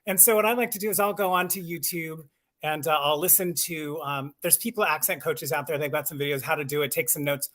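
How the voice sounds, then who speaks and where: A man's voice: fairly high pitch, fairly even intonation, a little fast, a bit bright. A voice actor and audiobook narrator chatting casually and enthusiastically, laughing at himself as he explains his craft. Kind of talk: casual chat on a live stream.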